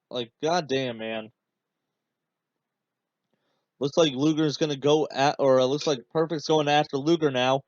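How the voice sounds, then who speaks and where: A man's voice: on the high side, animated, moderate pace, no echo. Sarcastic, exasperated man on a podcast. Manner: exasperated, sarcastic, rambling with many fillers. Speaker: podcast host. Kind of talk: casual watch-along commentary. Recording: dull, dry podcast mic.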